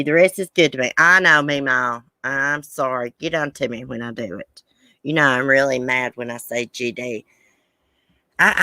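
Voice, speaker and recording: Woman, livestream host, blunt, profane, bright forceful voice, dry. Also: low voice, no room sound. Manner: blunt, angry and profane, then chatty. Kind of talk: casual chat with live viewers.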